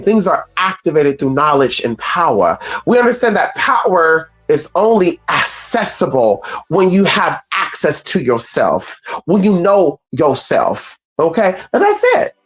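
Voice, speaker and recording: Livestream host, lively swooping pitch, blunt, swears, high yelps then low asides, faint music underneath. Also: unhurried, few pauses. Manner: animated, swinging from high exclamations to low asides; salty and blunt, swears freely. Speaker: spiritual channel host. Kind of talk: casual livestream talk to viewers.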